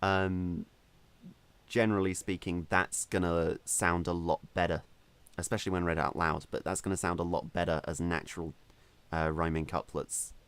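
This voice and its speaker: A man's voice: sits low, level tone, normal speed, fairly bright tone, smooth. A man co-hosting a casual podcast about writing, giving firm opinions and explaining with emphasis. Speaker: podcast co-host.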